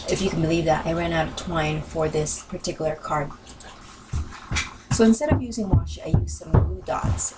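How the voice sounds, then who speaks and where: Chatty woman with a tiring, low voice. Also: recorded from a distance, noisy background. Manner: chatty, rambling with many ums and self-corrections. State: losing her voice. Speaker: crafting video host. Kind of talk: casual voice-over narration.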